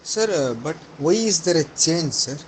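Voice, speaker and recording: A man's voice: a little high, animated, moderate pace, slight background noise, poor audio. A man asking questions in a class, polite and hesitant, calling the teacher sir. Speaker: student.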